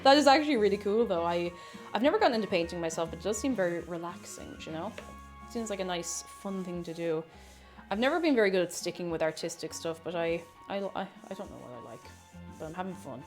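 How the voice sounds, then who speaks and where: A woman's voice: lowish voice, animated, quick pace, soft background music. A woman chatting casually and playfully while baking on a live stream, rambling and chuckling as she goes.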